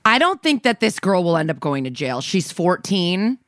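A woman co-hosting a podcast, talking through her views in a calm, casual way. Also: on the low side, moderate pace, no echo, clean studio sound. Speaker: podcast co-host.

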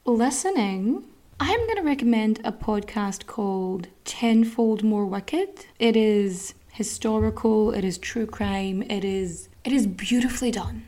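A woman's voice: medium pitch, mellow. An Irish woman hosting a podcast from home, chatting casually, swearing freely and drifting into asides. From Ireland. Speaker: podcast host. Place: home room with a cat.

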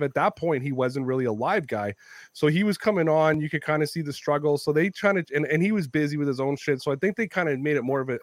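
A man's voice: mid-range voice, no room sound. A Canadian man on a podcast, telling a story in casual chat, swearing freely and acting out the people he quotes. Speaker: podcast co-host.

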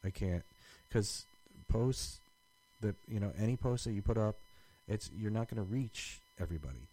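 A man's voice: fairly low pitch, moderate pace, mellow, rough recording. A man co-hosting a podcast in casual chat, rambling with many restarts and fillers. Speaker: podcast co-host.

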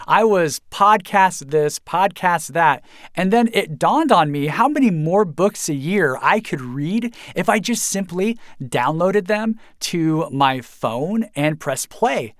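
A pastor and author giving earnest, reflective interview answers and chuckling at himself now and then. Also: male voice, high-pitched, no room sound, studio quality.

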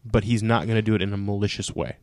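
A man's voice: on the low side, flat delivery, fast talker, a little mellow, no room sound. A man in casual podcast chat, earnestly arguing his point about a comic book. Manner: earnest, defends his view.

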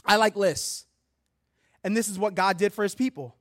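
High-voiced, animated male preacher. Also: moderate pace. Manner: animated, humorous, conversational preaching. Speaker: guest preacher. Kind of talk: sermon. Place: church.

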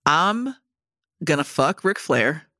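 A woman's voice: deep voice, big pitch swings, slow pace, sharp tone, dry recording, clean studio sound. A woman co-hosting a podcast, reading listener emails and giving blunt, enthusiastic opinions laced with swearing. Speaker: podcast co-host.

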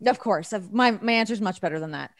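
A woman's voice: medium pitch, fast, dry recording, studio quality. A woman guest on a podcast game show, teasing and playful in the banter. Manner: lively, teasing. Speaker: guest, TV personality.

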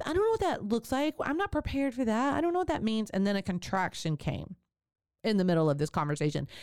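Smooth, crisp woman telling a story. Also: fairly low pitch, no room sound, clean studio sound. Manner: animated, candid, laughs often. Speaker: podcast host. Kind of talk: personal storytelling.

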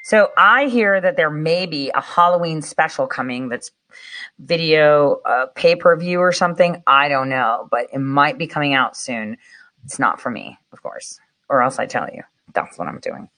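Animated woman vlogger, slightly low voice. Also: moderate pace. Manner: animated, laughing, incredulous. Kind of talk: casual commentary to camera.

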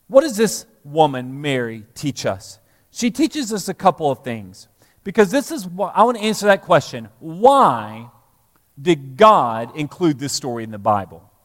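A middle-aged man preaching a sermon as pastor, animated, rising to loud emphasis then dropping low. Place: church sanctuary. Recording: long hall reverb in church.

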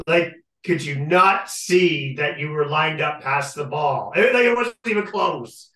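Brief: male sports podcast co-host, ranting and animated, slightly high voice, roomy off-mic recording. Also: unhurried, hardly any pauses, recorded from a distance. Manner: animated, ranting, repeats catchphrase. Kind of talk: casual sports talk rant. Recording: echoey room, off-mic.

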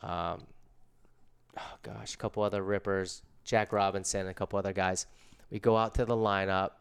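A man's voice: deep voice, flat delivery, moderate pace, clean tone. A middle-aged man casually telling a story in laid-back, slangy surfer talk.

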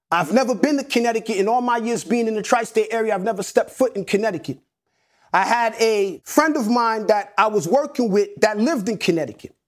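A man in middle age, a real estate investor guest, telling his personal story in an earnest, emotional way and repeating key phrases. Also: high voice. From United States. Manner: earnest, repetitive, animated storytelling.

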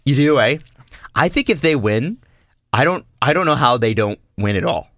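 Bright-voiced man, hesitant sports talk. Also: medium pitch, expressive, no room sound, clean studio sound. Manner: hesitant, restarts, measured analysis. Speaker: podcast co-host. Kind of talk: casual sports chat.

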